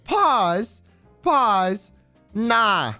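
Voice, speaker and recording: A male live streamer with a bright, high-pitched voice rambles in crude jokes as he chats with his audience. His delivery is loose and casual. Faint background music hums underneath. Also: sing-song, drawn-out words.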